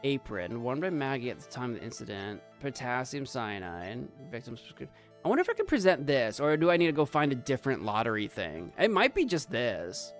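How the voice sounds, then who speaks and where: A man streaming a game, giving playful, animated commentary and bantering with his chat. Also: medium pitch, a little fast, soft background music. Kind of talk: let's play commentary.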